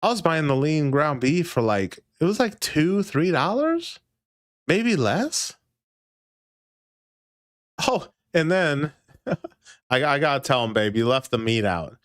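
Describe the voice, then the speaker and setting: A man's voice: a little high, sing-song, takes it slowly, long pauses, no room sound, studio quality. A man in his thirties hosting a casual livestream chat, rambling and swearing often as he reads and answers chat. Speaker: livestream host.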